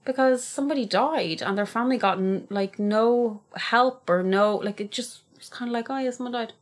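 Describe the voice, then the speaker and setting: A woman's voice: medium pitch, moderate pace. A young adult woman co-hosting a casual podcast chat, opinionated and swearing freely, with hesitant fillers. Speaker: podcast co-host.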